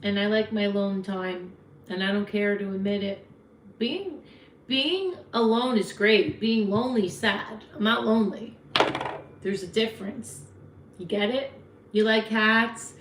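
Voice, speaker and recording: A woman's voice: mid-range voice, unhurried. A chatty woman in her fifties with a New Jersey accent talks unhurriedly to her live viewers. Her voice rings in an echoey room with a faint hiss behind it. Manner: chatty, frank, talks back to viewer comments. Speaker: livestream host. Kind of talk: casual live chat reading comments.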